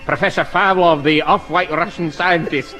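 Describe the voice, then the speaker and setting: A man playing a dour Scottish police inspector in a 1950s radio comedy, reporting gravely and growling 'arr' noises. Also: a little high, steady tone, normal speed, bright, forceful tone, faint music behind.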